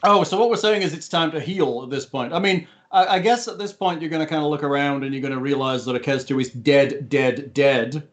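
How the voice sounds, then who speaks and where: A man's voice: on the high side, brisk, hardly any pauses. A man narrating as game master for a tabletop game, casual and chatty, leaning on filler phrases. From not from Texas. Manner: leans on filler phrases like "ultimately".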